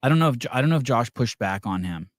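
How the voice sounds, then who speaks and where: A man's voice: medium pitch, lively intonation, quick pace, no echo, clean studio sound. A man hosting a podcast in casual chat, rambling and restarting, telling stories and acting out quotes. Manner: rambling storyteller, many fillers and restarts, acts out quotes. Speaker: podcast host.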